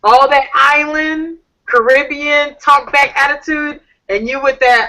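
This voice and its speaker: A woman hosts a live online chat in a bright, forceful voice. She talks with sass and animation, reading viewers' messages aloud. Her voice comes through a laptop or phone mic on a video call. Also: high-pitched, fairly even intonation, a little slow, low-quality recording. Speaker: talk show host. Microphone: computer or phone on a video call.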